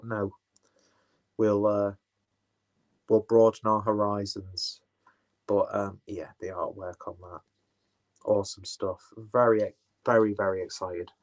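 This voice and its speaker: A man chatting casually through an unboxing, rambling, swearing and correcting himself as he goes. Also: fairly low pitch. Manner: rambling, profane, self-correcting. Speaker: beer reviewer.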